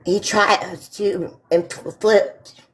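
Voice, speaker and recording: A woman's voice: medium pitch, steady tone, very slow, a bit bright, husky. Emphatic woman in casual chat. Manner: emphatic, repeats herself when heated.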